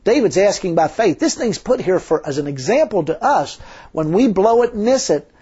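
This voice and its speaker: A man's voice: high-pitched, big pitch swings, normal speed, warm tone, breathy edge. A man preaching a sermon in a folksy, emphatic way, full of rhetorical questions. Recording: dull lo-fi sermon recording.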